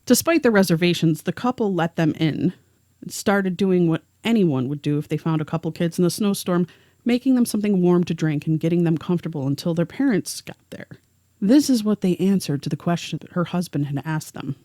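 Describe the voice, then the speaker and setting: A woman's voice: fairly low pitch, animated, fairly quick, dark tone, dry recording, studio quality. A woman co-hosting a podcast, narrating a first-hand story and reading the witness's words aloud. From rural area. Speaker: podcast co-host.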